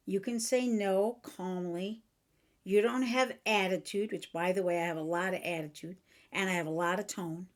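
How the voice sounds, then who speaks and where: A woman hosting a podcast, talking frankly and earnestly about changing your own behavior. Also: mid-range voice. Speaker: podcast host and author. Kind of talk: motivational self-help talk.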